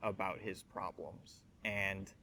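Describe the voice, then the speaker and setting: A man's voice: sits low, level tone, slow pace, gravelly, bright, forceful tone, a little hiss or hum. A man hosting a scripture teaching show, speaking earnestly and reflectively, addressing the listener directly. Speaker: host of a Bible teaching show.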